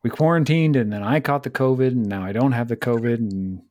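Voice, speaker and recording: A man's voice: mid-range voice, brisk, a little mellow, no room sound. A man co-hosting a podcast, chatting casually and joking, laughing often. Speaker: podcast co-host. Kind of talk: casual chat.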